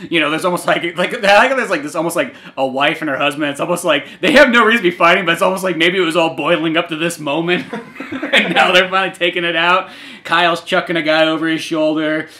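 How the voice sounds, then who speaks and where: A young man co-hosting a podcast about his comic, chatting casually, often laughing and dropping to quiet murmurs. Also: fairly high pitch, quick pace. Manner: lively, laughing, drops to murmurs for quoted asides. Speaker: podcast co-host, comic artist. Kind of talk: casual chat.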